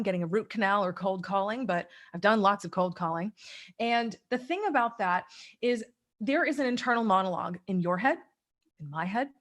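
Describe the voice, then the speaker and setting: A middle-aged woman, a life coach, talking energetically in an interview and acting out the voices in her head. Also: medium pitch. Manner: energetic, acts out inner voices. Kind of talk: interview, motivational talk.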